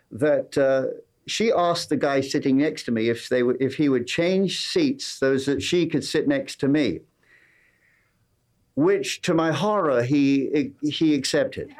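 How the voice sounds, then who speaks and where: An English pastor from England preaches a sermon, telling a personal story with dry humor and making earnest appeals to his congregation. His mid-range voice is expressive, slow and a little mellow.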